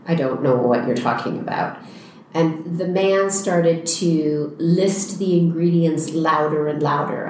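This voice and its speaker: Woman teacher, calm reflective storyteller, slightly low voice; record in a very echoey room. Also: a little hiss or hum. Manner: reflective, unhurried retelling. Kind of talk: storytelling in a conversation.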